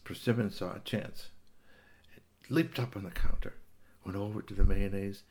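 A man's voice: on the low side, steady tone, normal speed, a little mellow. A man improvising a children's story about a cat, rambling along with fillers and little gasps.

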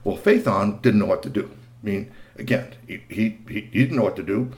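A man's voice: on the low side, brisk, a little mellow. A man telling a myth to children with chatty asides. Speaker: storyteller. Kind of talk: animated storytelling for children.

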